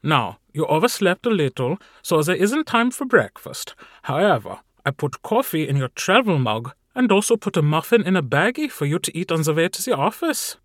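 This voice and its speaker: A man's voice: a little high, very animated, moderate pace, hardly any pauses, dry recording, studio quality, pitched above the performer's own voice. A man voicing a fussy, devoted male demon valet in an audiobook, chirpy and doting. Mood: chirpy fussing.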